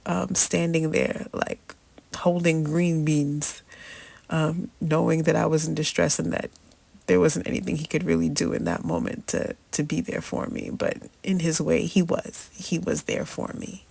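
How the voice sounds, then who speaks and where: A woman's voice: low voice, animated, a little slow, gravelly, a little mellow, breathy edge, no room sound. A young woman telling a personal story in a candid, chatty way, with slangy asides and frequent laughs. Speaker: storytelling host.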